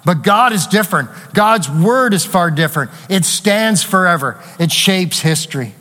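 A man's voice: sits high, expressive, moderate pace, pushed and bright. A man preaching a sermon to his church, earnestly asking rhetorical questions and reading scripture aloud. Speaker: pastor. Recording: long hall reverb.

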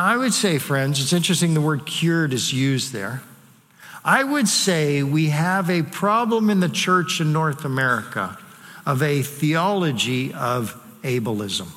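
Bright-voiced pastor preaching. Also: male voice, a little high. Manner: conversational preaching with rhetorical questions to the congregation. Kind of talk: sermon. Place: church sanctuary. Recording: long hall reverb.

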